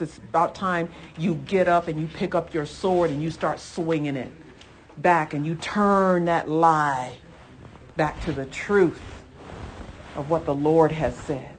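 A woman preaching a sermon in a lively, chatty way, often laughing and calling her listeners folks and honey. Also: low-pitched, a little hiss or hum.

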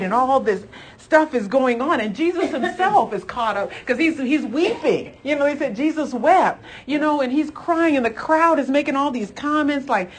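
A woman preacher giving a conversational sermon, retelling scripture with animated storytelling, repeated phrases and emphatic exhortations to her listeners. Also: on the high side, moderate pace, slight background noise.

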